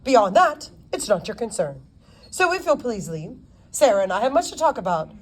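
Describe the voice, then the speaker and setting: A woman's voice: a little high, big pitch swings. A woman voicing a polite, dapper male attorney with a British accent in an audiobook. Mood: breezy. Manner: polite, cheerfully brisk.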